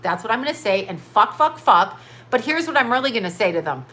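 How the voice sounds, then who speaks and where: A woman in her fifties on a livestream, pouring out an emphatic, profane rant with one rhetorical question after another. Her voice sits a bit high and rings bright and forceful. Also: big pitch swings, brisk. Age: 50s. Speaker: livestream host.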